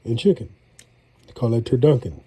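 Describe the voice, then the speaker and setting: Congested, dark-voiced man with a New drawl. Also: mid-range voice, animated, normal speed, slightly rough. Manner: folksy, rambling, chatty with viewers. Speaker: home cook. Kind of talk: casual cooking vlog.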